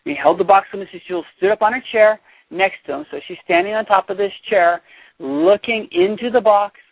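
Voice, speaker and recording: A man reading a children's picture book aloud as a teacher, chatty and animated, stopping to explain. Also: high voice, brisk, no echo. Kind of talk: read-aloud storytelling with commentary. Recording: dry, tinny phone-like sound.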